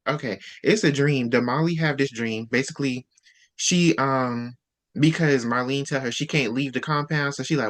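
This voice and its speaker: Host, male, casual book chat; animated storyteller who acts out lines. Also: medium pitch, moderate pace.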